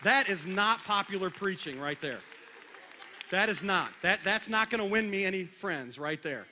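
A man preaching a sermon on a church stage into a microphone, animated and acting out scenes with a helper. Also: sits high, moderate pace, a faint crowd, a little hiss or hum. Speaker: pastor. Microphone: handheld or stage microphone.

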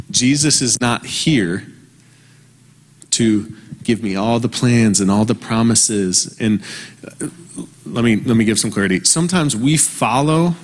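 A man in his thirties preaching a conversational, earnest sermon, slowing down for emphasis. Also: lowish voice. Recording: long reverb from a large hall.

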